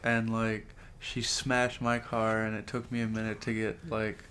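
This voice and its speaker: A man's voice: on the low side, completely flat delivery, a little slow, a bit bright, slight background noise. A man co-hosting a podcast in casual chat, laid-back and chiming in with short remarks. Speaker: podcast co-host.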